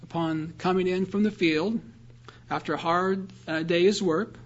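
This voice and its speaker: A man's voice: sits high, steady tone, a little slow, highs cut off. A man preaching a sermon, explaining a scripture passage earnestly and reading verses aloud. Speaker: pastor.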